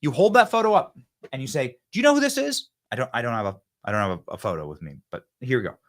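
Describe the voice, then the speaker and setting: A man's voice: medium pitch, wildly swooping pitch, fast. A man in his thirties hosting a political commentary show, talking emphatically and repeating himself as he builds to punchy lines. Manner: emphatic, repetitive, rising to near-shouts when acting out debate lines. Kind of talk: animated political monologue.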